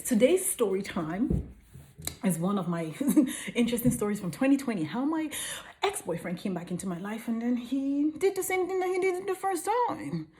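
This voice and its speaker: A young woman chatting casually into her phone's front camera, telling a story in a playful, animated way. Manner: animated and playful, jumps into high silly bursts.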